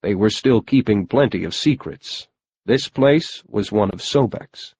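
A man's voice: on the low side, expressive, a little slow, a little mellow, breathy edge. A man narrating a first-person audiobook in a wry, matter-of-fact storytelling manner.

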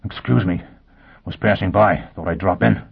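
A man's voice: low-pitched, moderate pace, gravelly, slightly rough, heavily acted. A man voicing a desperate, brutal male escapee who talks bluntly and urgently. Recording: tinny lo-fi phone-like audio.

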